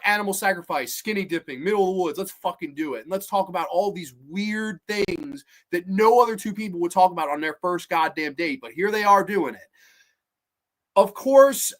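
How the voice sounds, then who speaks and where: Profane, incredulous horror film host. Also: mid-range voice. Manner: animated outbursts. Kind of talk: ranting film recap.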